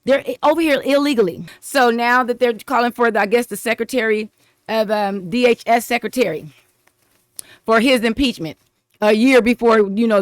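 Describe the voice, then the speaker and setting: A woman's voice: fairly high pitch, no echo, clean studio sound. A woman vlogger, rambling through casual political commentary, repeating herself and laughing often.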